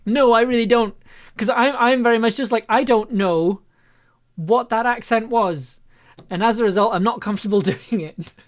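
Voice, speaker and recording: A woman's voice: fairly high pitch, moderate pace. A woman chatting loosely on her own live stream about making an audio piece, rambling and laughing often at herself. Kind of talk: casual live-stream chat.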